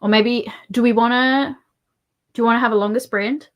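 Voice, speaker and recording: An Australian woman hosting a casual livestream, soft-spoken and rambling, often dropping to a murmur. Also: on the high side, steady tone, normal speed. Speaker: livestream host.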